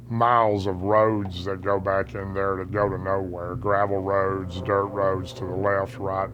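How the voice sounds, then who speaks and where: A man's voice: fairly low pitch, fairly bright tone, highs cut off, slight background noise. A man earnestly recounting a frightening night encounter as an eyewitness, rambling and restarting as he talks. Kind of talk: interview testimony, recounting an encounter.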